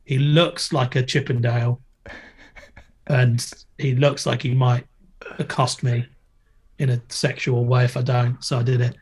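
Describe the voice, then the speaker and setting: Speaking unhurriedly with frequent pauses, this middle-aged former TV presenter and skater chats as a podcast guest. His mid-range voice is slightly rough and barely moves in pitch, yet his storytelling is jokey and playful, with loud impressions for quotes.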